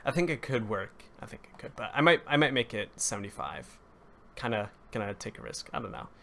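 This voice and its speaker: A young man's lowish voice sounds pushed and bright, with vocal fry, lively intonation and a slightly quick pace. Streaming a building session, he gives rambling, casual commentary, correcting himself, greeting viewers and replying to chat as his voice sometimes cracks.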